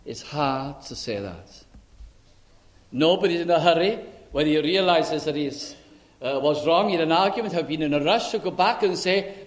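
A man preaching a sermon, telling a story slowly and deliberately and acting out the dialogue. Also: a little high, expressive.

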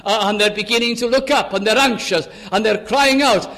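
A man preaching a sermon on a psalm, swinging from urgent raised pleas to hushed low asides and quoting scripture in old-fashioned wording. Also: a little fast, gravelly.

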